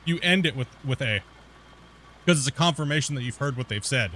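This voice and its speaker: A man's voice: mid-range voice, expressive, brisk, fairly bright tone, a little hiss or hum. A young man from the northern US border country with a Pacific Northwest accent and a hint of West Coast Canadian. He hosts a casual gaming stream, talks in loose slang, calls people bro and dude, and laughs a lot. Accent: Pacific Northwest US, with West Coast Canadian touches. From northern US near the Canadian border. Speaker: game streamer.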